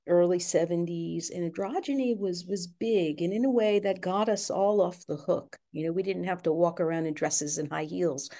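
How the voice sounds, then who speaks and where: Older woman with a gravelly, mellow voice. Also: lowish voice. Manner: candid, reflective, quotes family dialogue. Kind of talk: personal storytelling interview.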